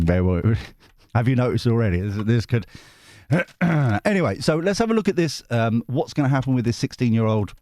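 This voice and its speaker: A man's voice: mid-range voice, a little mellow, no room sound. A man hosting a tarot channel, chatting casually to his viewers in a rambling, self-deprecating, jokey way. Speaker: tarot reader and channel host. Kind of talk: casual rambling chat to camera.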